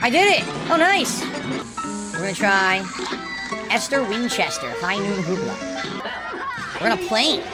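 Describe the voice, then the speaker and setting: A man plays a game and narrates it in a flat, deadpan way, though his pitch still jumps around a lot. He sits fairly high for a man. Loud game music plays right under his voice. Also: slow pace, pauses often. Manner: flat, deadpan, mild swearing. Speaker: gameplay streamer. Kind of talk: playing a game while commenting.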